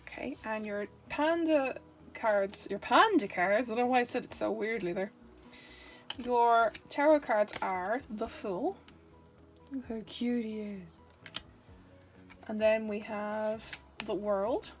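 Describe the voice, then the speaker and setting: A woman's voice: a little high, slow pace, long pauses, soft background music. Chatty woman doing a tarot reading. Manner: chatty, playful, rambling with self-corrections. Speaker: tarot reader. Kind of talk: casual tarot reading to camera.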